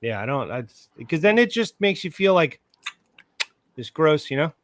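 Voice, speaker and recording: A man's voice: on the high side, very animated, moderate pace. A man from New York co-hosting a music podcast, telling wry, rambling stories in casual chat. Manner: wry, rambling anecdotes with mild cursing. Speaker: podcast co-host.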